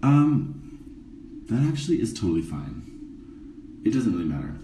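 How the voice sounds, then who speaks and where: Campy drag performer, male, low and lively, wry rambling delivery, recorded on a phone in a roomy space. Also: measured pace, recorded from a distance, slight background noise. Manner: campy, sarcastic, rambling asides. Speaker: drag performer doing a makeup tutorial. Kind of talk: casual live-stream chat. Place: dressing room before a show. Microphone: phone camera, a bit away.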